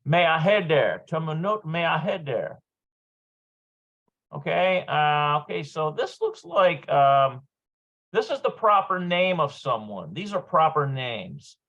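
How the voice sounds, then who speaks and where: Slow, hesitant man going over vocabulary. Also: on the high side, very animated, fairly bright tone, muffled recording. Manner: hesitant, thinking aloud, checking pronunciation. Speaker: Hebrew lesson presenter. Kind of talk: working through a vocabulary lesson aloud.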